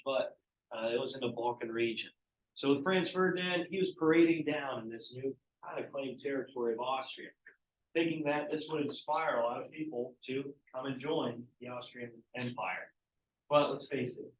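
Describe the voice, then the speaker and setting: A male teacher giving a casual history lecture to a class, asking students questions as he goes. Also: medium pitch. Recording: echoey, distant, muffled classroom recording.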